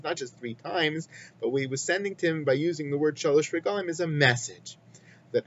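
A man giving a weekly Torah lesson in a measured, explanatory way, weaving in Hebrew quotations. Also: mid-range voice. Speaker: Torah teacher. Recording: slightly muffled with faint hum.

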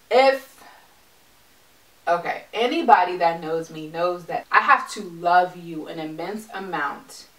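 A woman's voice: fairly low pitch, fairly bright tone, far from the mic. A young adult woman chatting casually in a vlog, talking in a loose, filler-heavy way. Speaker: pregnancy vlogger. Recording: echoey room, mic set back.

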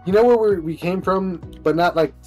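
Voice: medium pitch, brisk, over music. A gamer in casual chat with friends, rambling hesitantly when giving directions.

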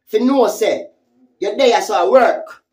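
A woman's voice: mid-range voice, takes it slowly, a little mellow. A woman with a Jamaican accent giving a heated, profane vlog rant, confronting someone with repeated taunting questions. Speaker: social media commentator.

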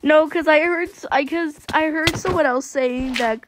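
A woman player chatting casually during a game, giggly and excitable, often breaking into loud laughs. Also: high voice, moderate pace, background noise. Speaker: Minecraft server player.

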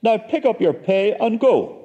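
A man's voice: high-pitched, sing-song, measured pace, warm tone, big-room sound, lo-fi sound, voice pushed up. A man voicing a bored, officious army officer.

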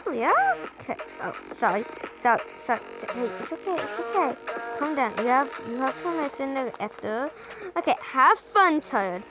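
Her voice is high-pitched and expressive at a normal pace, though the audio is poor and game music plays behind. A young gamer playing a parent role, she talks chattily while playing, repeating words in bursts with sudden yelps.

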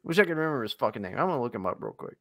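A man's voice: mid-range voice, big pitch swings, dry recording, clean studio sound. A man co-hosting a podcast, rambling and swearing in casual banter and laughing at his own jokes. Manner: rambling, profane, quick to laugh. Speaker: podcast co-host.

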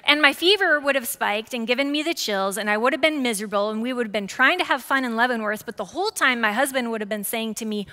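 A woman in her forties preaching a sermon as pastor, lively and conversational, with frequent asides to the congregation. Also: on the high side, quick pace, few pauses. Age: 40s. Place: church sanctuary. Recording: church hall with long reverb.

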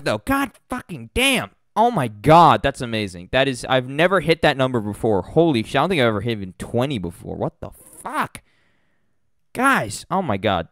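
A man streaming a game live, excitable and easily flustered, with plenty of swearing, close on a desk mic at home. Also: fairly low pitch, moderate pace, dry recording. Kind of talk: live-stream gaming commentary.

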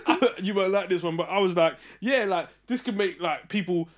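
A man's voice: sits high, fairly quick, background noise. A man co-hosting a podcast, telling a joking anecdote between laughs. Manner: laughing storyteller, jokey. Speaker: podcast co-host.

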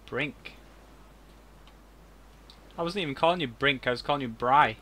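Australian guy streaming a game, cheeky and teasing, bright sharp voice. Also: mid-range voice, rapid-fire, slight background noise. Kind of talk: casual gaming chat.

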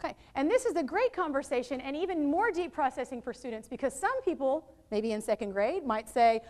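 Woman workshop presenter, high-pitched, upbeat, draws answers from a live audience of teachers. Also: a little fast, hardly any pauses. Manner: lively, quizzes audience with questions. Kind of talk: interactive teacher training workshop. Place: training room with live audience.

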